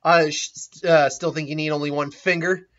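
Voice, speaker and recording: A man voicing a drunk, arrogant woman ninja, with a gruff, taunting delivery in a dull lo-fi recording. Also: a little high, fairly even intonation, moderate pace, a bit bright, natural voice.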